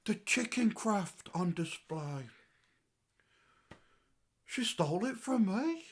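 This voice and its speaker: A man's voice: sits high, animated, takes it slowly, slightly rough, full character voice. A man puts on a cranky old English grandad who rambles on and on, his voice leaping up and plunging down as he swings from muttering to outrage. The English accent is broad and chatty, and the tone stays aggrieved and comic throughout. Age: older. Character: grumbling old English grandad, easily riled. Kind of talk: comic character monologue.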